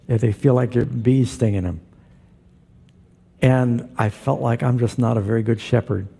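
A man's voice: medium pitch, normal speed, creaky, warm tone, slightly rough. A male pastor preaching a sermon, telling stories and acting out the quoted voices.

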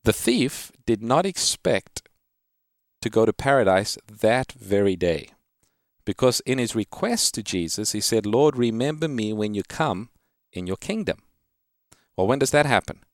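A man with a fairly low voice hosts a call-in Bible program. He explains scripture earnestly and lifts his voice when he quotes verses. The sound is close and dry, with no room around it. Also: expressive, unhurried, dry recording. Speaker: radio Bible-answer host. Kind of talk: call-in radio Bible teaching.

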